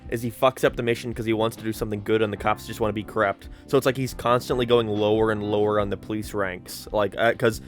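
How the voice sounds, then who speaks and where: A man's voice: lowish voice, steady tone, quick pace, hardly any pauses, soft background music. Rambling podcast man, swears casually. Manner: rambling, many fillers and restarts, swears casually. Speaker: podcast co-host. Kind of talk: casual chat.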